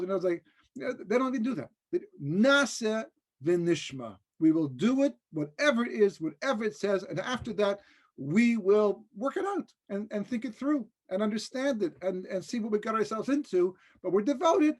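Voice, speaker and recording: A rabbi giving a conversational, joking Torah class in a webinar, often checking in with the listeners. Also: male voice, high voice, lively intonation, normal speed. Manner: conversational and joking, with frequent rhetorical "right?". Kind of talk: casual Torah lecture over a webinar.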